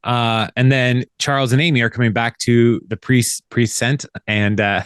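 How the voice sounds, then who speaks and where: A man's voice: mid-range voice, fairly even intonation, moderate pace, a bit bright, clear, resonant tone, no echo, studio quality. A man hosting a podcast, casually recapping an episode with a rambling manner, laughing often and acting out the characters' lines. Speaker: podcast host.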